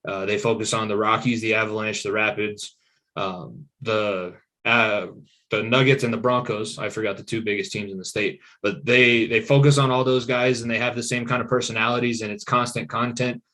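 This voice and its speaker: A man's voice: lowish voice, fairly even intonation, normal speed, sharp tone. Man, podcast host, casual interview chat, friendly, rambling, restarts sentences.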